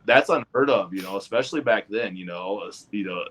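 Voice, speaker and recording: Lower-voiced man talking wrestling history. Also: brisk, a bit bright. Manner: talks at length, piling up dates and figures. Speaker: guest. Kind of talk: casual podcast chat.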